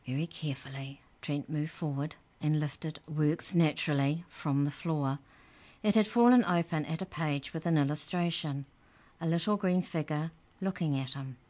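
A woman reading a children's story aloud with slow, expressive narration. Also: deep voice.

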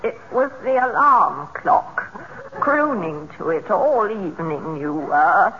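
An actor playing a hurt, nagging wife in a radio comedy, speaking plaintively and reproachfully. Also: male voice, sits high, lively intonation, slow, highs cut off, full character voice. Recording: hissy old radio recording.

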